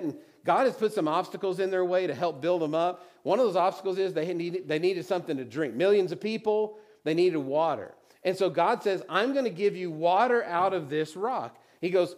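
A man preaching a sermon, reading scripture aloud and then explaining it conversationally, dropping to quiet emphasis on key words. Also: sits high. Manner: animated, drops to quiet emphasis. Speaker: pastor.

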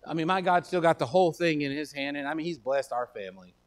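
A man's voice: fairly high pitch, fast talker. A man with a Texan accent preaching a sermon in a folksy, conversational way that swells into emphatic declarations. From Texas. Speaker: pastor.

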